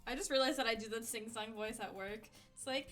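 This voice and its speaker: Woman streaming a game, chatty, bright high voice, faint music behind. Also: fairly quick. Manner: chatty, laughs often. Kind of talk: casual let's-play commentary.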